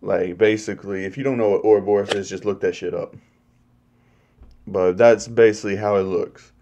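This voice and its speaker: Man, movie reviewer, casual spoiler talk, heavy swearing, animated retelling. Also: fairly low pitch, normal speed, muffled recording. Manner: profane, animated plot retelling.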